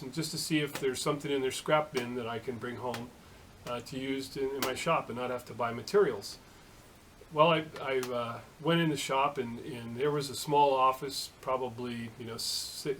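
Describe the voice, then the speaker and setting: A middle-aged man and home shop machinist telling a story in a casual vlog, halting, with many fillers and restarts. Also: mid-range voice, a bit bright, slight background noise, low-quality recording.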